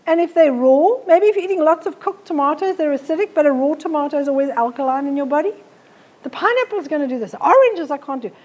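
A woman's voice: high voice, darkish tone. A middle-aged woman, giving a blunt, forthright live health talk to an audience on a handheld mic. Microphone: handheld microphone.

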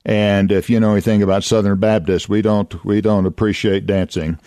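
An older man spins folksy tales as a radio host, chuckling now and then and slipping into the voices of the people in his stories. His voice sits fairly low, and the recording is close and dry with no room sound. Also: level tone, moderate pace, dark tone, no room sound. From Oklahoma. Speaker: radio host and former youth minister. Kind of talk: folksy anecdotal storytelling.

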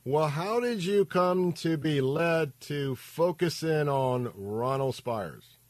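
A man's voice: on the high side, slow pace, no room sound. A man hosting a radio talk show from a studio, speaking with energy and enthusiasm, with some fillers along the way. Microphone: studio microphone.

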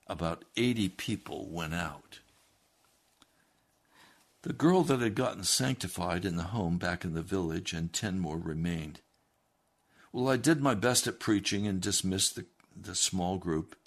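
Man, preacher, low-pitched, earnest, exhorting, sermon storytelling. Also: measured pace. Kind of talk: sermon with a first-person story reading.

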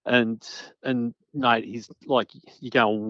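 A man's voice: mid-range voice, steady tone, normal speed, dry recording. A man as a guest recalling interviews, rambling with many restarts and fillers. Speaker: guest journalist. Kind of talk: casual interview chat. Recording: dull lo-fi sound.

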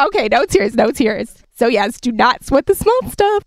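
A woman's voice: sits high, sing-song, a little slow, hardly any pauses, no echo, studio quality. A woman co-hosting a morning radio show, chatty and emotional as she shares an inspirational story. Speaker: radio co-host.

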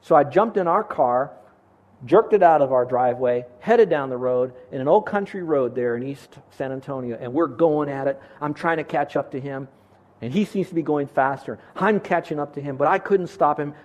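A man preaching a sermon as pastor of his church, earnest and conversational, lifting his voice to stress a point. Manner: earnest, rises in pitch for emphasis.

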